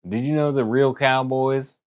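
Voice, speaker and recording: A man's voice: mid-range voice, steady tone, a little slow, highs cut off, voice pushed up, lightly acted. A man voicing a folksy male cowboy storyteller in a put-on Western cowboy drawl.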